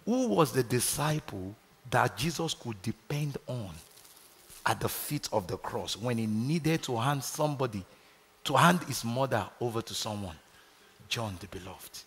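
A man's voice: mid-range voice, lively intonation, unhurried, fairly bright tone, slightly rough, in a large hall. A Nigerian man preaching a sermon, calling out to his congregation for responses. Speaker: pastor. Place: large church hall.

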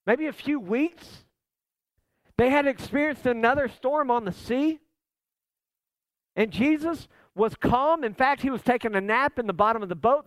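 A man's voice: extremely high pitch, a bit bright, no echo. A man preaching a sermon as a pastor, conversational and emphatic, with asides to the listeners.

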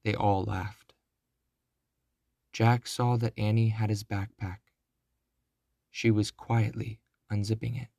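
A man narrating a children's storybook aloud, slow and deliberate. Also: on the low side, level tone, vocal fry, warm tone, dry recording, clean studio sound.

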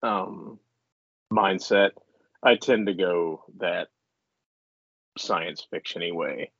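Cast: male podcast co-host, low husky voice, loose rambling talker, dull muffled home recording. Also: steady tone, very slow, no room sound. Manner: rambling, laughs often, many restarts. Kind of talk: casual chat. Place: indoors at home.

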